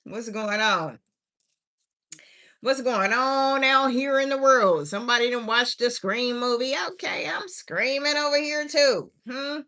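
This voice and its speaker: A woman's voice: high-pitched, bright, forceful tone. A tired woman doing a chatty, drawling live tarot reading, with sing-song refrains. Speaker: tarot reader streaming live. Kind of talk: casual livestream tarot reading.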